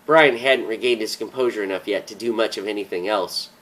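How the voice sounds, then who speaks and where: A man's voice: on the low side, brisk, a bit bright, low-quality recording. Man narrating a somber audiobook.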